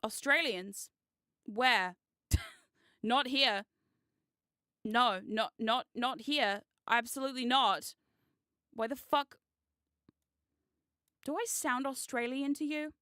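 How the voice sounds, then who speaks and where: A woman streamer chatting casually on a live stream, excitable and giggly, swearing freely. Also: on the high side, takes it slowly, pauses often, no echo, clean studio sound. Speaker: VTuber streamer.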